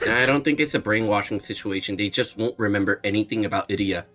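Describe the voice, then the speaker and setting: A man's voice: lowish voice, fast, fairly bright tone, faint music behind. A young man streaming a game readthrough, chatting casually with a sarcastic, jokey manner and some swearing. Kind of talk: casual gaming commentary.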